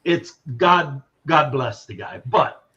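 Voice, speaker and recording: A man's voice: on the high side, lively intonation, slow, pushed and bright. Wry man on a dull lo-fi mic. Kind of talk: casual chat. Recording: dull lo-fi sound.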